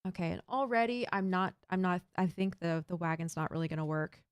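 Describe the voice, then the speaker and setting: A woman's voice: fairly low pitch, a little fast, clean tone, no room sound, clean studio sound. A woman streaming a building game, chatting casually and thinking aloud while she builds and reads chat. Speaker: Minecraft streamer.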